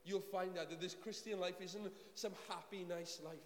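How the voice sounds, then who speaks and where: A man's voice: high voice, steady tone, moderate pace. A man preaching a sermon in a church, earnest and pleading, repeating phrases for emphasis. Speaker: pastor. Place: church hall. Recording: echoey hall with faint hiss.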